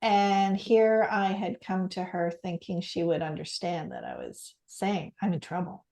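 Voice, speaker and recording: A woman's voice: lowish voice, very animated, unhurried, vocal fry, mellow. Earnest middle-aged woman telling her story. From Canada. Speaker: podcast guest, stress coach and author. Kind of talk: personal story in a podcast interview.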